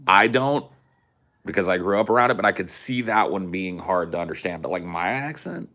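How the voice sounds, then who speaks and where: This American co-host has a low, bright, forceful voice and talks animatedly and a little fast, his accent blending rural American with General Californian. He chats casually and profanely on the podcast, rambling and putting on mock accents.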